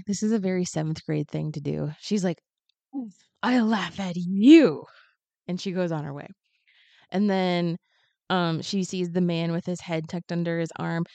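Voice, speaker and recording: A woman guest on a podcast, chatting casually and retelling a story in an animated, joking way. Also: lowish voice, gravelly, no echo, highs cut off.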